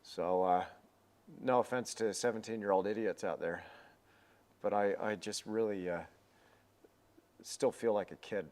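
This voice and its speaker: A man's voice: on the low side, steady tone, measured pace, long pauses, darkish tone. Give me a young man talking casually through a painting demo, rambling and self-deprecating. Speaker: painting instructor. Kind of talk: live painting demonstration.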